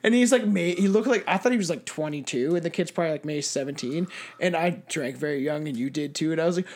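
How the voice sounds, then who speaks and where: Young dude with a high voice, rambling and cussing on a podcast. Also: male voice, fast talker, a little mellow. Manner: crude, rambling, swears a lot. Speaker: podcast co-host. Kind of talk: casual podcast chat.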